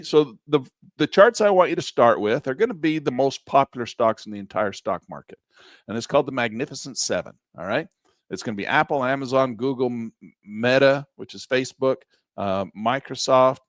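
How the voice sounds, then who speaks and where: A middle-aged man teaching a trading class while sharing his screen, often checking in with "all right?", a bit hoarse and clearing his throat. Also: medium pitch, no echo, clean studio sound. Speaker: trading instructor. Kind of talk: screen-share class walkthrough.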